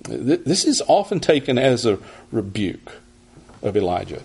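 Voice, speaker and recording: A man giving an expository sermon, teaching in a measured way and often restarting his phrases. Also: medium pitch, very animated, vocal fry, a little mellow, husky.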